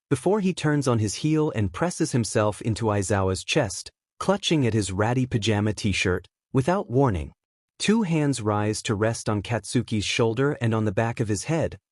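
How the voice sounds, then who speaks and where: A man narrating fan fiction aloud in a steady, even storytelling delivery. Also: medium pitch, dry recording, clean studio sound.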